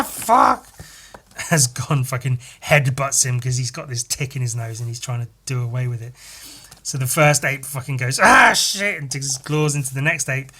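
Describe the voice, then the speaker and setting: Dude on a podcast narrating a wordless comic, swears a lot, laughs along, lively. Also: male voice, mid-range voice. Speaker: podcast host. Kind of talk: casual chat, retelling a picture story.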